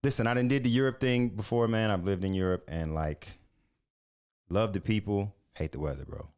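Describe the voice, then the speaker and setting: A man's voice: lowish voice, moderate pace, a little mellow, clean tone. A man co-hosting a sports podcast, telling a story in a laid-back, slangy way. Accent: American. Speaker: podcast co-host.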